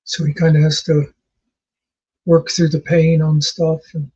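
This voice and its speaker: Male co-host, husky and a bit high, loose anecdotal delivery, muffled lo-fi recording. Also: completely flat delivery, unhurried, a little mellow. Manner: rambling, anecdotal, with many fillers. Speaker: podcast co-host. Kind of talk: casual chat.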